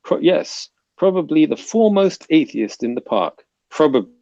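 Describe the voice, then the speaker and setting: A man's voice: on the high side, big pitch swings, moderate pace, dark tone, no echo, highs cut off. A man with a South London accent hosting a casual livestream, reading viewer comments aloud and bantering. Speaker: livestream host reading chat.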